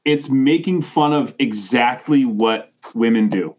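A man's voice: medium pitch, unhurried, a little mellow. Blunt, profane male co-host in a studio, dull lo-fi sound. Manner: blunt, swears freely. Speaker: podcast co-host. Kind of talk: casual chat. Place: radio studio.

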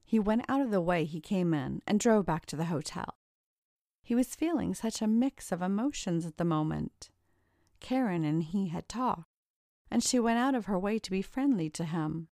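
A woman narrating an erotic story in a smooth, measured storytelling manner into a close microphone. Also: mid-range voice, darkish tone, dry recording.

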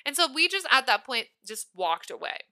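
Brief: woman host, lively storyteller, very bright and smooth, slightly high. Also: a little fast. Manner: animated, giggly, emphatic. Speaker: podcast host. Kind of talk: casual storytelling monologue.

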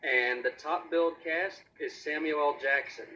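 A man joining a casual chat, laid-back and measured. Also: a little high, sharp tone, dull audio.

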